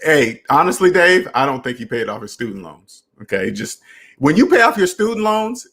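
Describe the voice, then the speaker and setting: A man's voice: on the high side, sing-song, normal speed, fairly bright tone. A young adult man hosting a casual personal finance live stream, talking straight to viewers and repeating phrases for emphasis.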